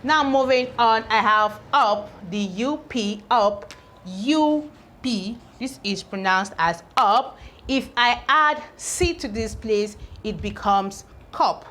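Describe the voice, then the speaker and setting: Woman teacher, spelling lesson, slow unhurried delivery, repeats words, tags "okay?". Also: fairly high pitch, a bit bright. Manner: repeats each word several times, ends points with "okay?". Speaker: English teacher.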